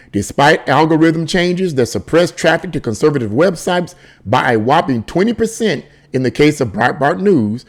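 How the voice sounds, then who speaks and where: A man reading a news article aloud and breaking off into sarcastic commentary, often restarting and repeating words. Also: a little high. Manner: reads aloud, then breaks off into sarcastic, repetitive asides; frequent restarts and stammered repeats.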